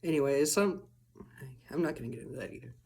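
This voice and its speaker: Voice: medium pitch, expressive, quick pace, vocal fry, a little mellow. A person talking casually to camera in a rambling, profane vlog monologue, chuckling often and trailing off mid-thought. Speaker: vlogger.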